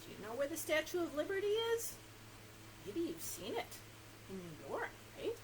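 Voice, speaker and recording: Reading a picture book aloud to young children, a librarian speaks in a high-pitched voice at normal speed, animated and asking coaxing questions as she laughs often. The audio is poor, with slight background noise.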